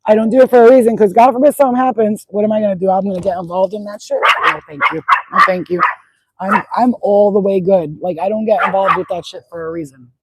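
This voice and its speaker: A woman's voice: medium pitch, fairly even intonation, fast talker, hardly any pauses, heavy background noise. A middle-aged woman rambling in a casual livestream chat outdoors at sunset, swearing freely and repeating herself as she goes. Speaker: spiritual channel host.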